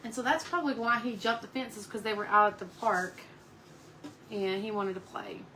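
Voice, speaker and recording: A woman's voice: medium pitch, fairly even intonation, normal speed, pushed and bright, a little hiss or hum, poor audio. A woman chatting casually on a live craft stream from home, cooing at her dog between talk about her painting.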